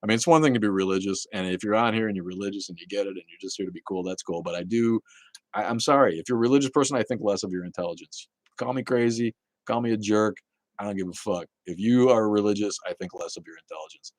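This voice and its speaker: A man with a lowish voice talks fast on a dry recording with no echo. He's hosting a casual livestream, reading the chat and bluntly talking with viewers while swearing and laughing a lot.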